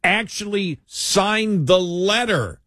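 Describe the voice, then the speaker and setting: A man's voice: high voice, animated, slow pace, pushed and bright, no echo, clean studio sound. A man co-hosting a talk show, talking in an emphatic, opinionated way and repeating himself for effect. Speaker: co-host.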